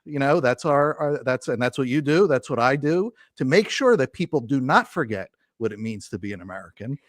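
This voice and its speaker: A man's voice: mid-range voice, animated, fairly quick, no echo, clean studio sound. A man speaking as a guest in a casual interview, arguing his points earnestly and with conviction. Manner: earnest, impassioned argument. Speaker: podcast guest.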